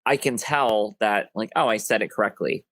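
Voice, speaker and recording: Southern guy w/ a nasal twang, kinda effeminate, talks fast, dry mic. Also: on the low side, a bit bright, no room sound. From US, Ohio and Florida. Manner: effeminate lilt, quick and candid. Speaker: podcast co-host. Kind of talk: casual chat.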